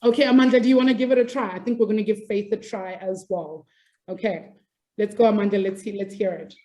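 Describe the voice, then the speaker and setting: Upbeat woman teacher with a mellow voice. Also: mid-range voice, steady tone, quick pace. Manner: upbeat, apologetic, laughs easily. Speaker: maths teacher. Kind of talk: live online class.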